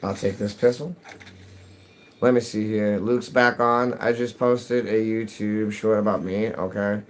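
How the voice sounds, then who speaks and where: A man's voice: on the low side, steady tone, unhurried, poor audio. A man live-streaming a game, chatting casually with viewers in a rambling, jokey way, his voice cracking. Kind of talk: casual live-stream chat while gaming.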